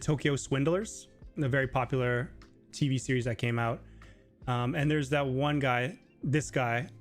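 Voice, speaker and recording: A man hosting a casual live Q&A stream, talking loosely with lots of fillers and sometimes mimicking other people in a high voice. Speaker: livestream host.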